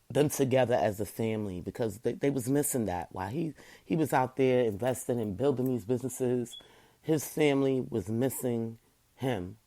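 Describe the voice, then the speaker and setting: Very deep, gravelly-voiced woman talking casually. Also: darkish tone. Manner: emphatic, repeats "you know" often. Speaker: online show host. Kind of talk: casual heartfelt talk to viewers.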